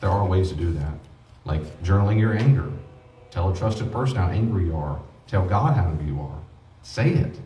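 A man's voice: sits low, brisk, dark tone, a little hiss or hum. A man preaching a teaching sermon on grief as a pastor, earnest and conversational, repeating himself for emphasis. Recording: echoey room, mic at a distance.

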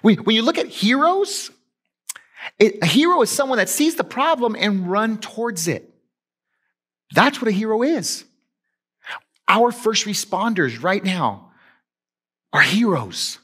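A man preaching a sermon as pastor, conversational and animated, swinging between emphatic and hushed delivery. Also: sits high, a little slow, long pauses, slightly rough.

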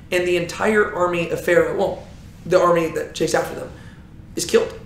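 A man's voice: sits high, a little hiss or hum. A man teaching a Bible lesson, telling the story with animation and often checking in with "right?". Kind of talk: teaching talk. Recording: roomy echo.

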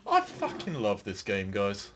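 A man's voice: on the low side, huge pitch swings, measured pace. A young man co-hosting a casual gaming chat while playing, dry and casually profane. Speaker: gaming show co-host.

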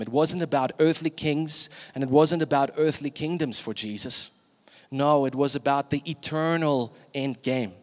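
A man's voice: on the high side, in a large hall. A man preaching a sermon in a church, emphatic and asking the congregation questions.

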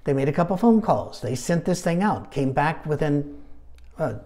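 A man's voice: fairly high pitch, animated, moderate pace, dark tone. A man teaching a midweek Bible study in a chatty, anecdotal way, with humorous asides.

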